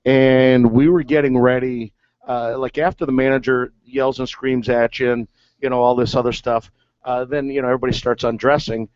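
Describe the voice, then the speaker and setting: A man's voice: mid-range voice, little pitch movement, normal speed, a little mellow, clean tone, no echo. Rambling man telling clubhouse stories. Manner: rambling, filler-heavy with many "okay"s. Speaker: former ballplayer guest. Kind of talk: casual storytelling. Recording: dull lo-fi sound.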